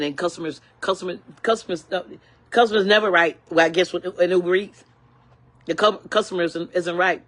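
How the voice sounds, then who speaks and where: Speaking briskly in a lowish, slightly bright voice, an older woman rants angrily in her vlog. The complaint is preachy and indignant, and she keeps repeating herself.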